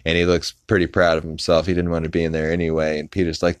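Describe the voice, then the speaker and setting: Deep-voiced man rambling through a recap. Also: steady tone, moderate pace, clean tone, no room sound. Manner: rambling with many filler "uh"s. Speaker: podcast host. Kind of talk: casual episode recap.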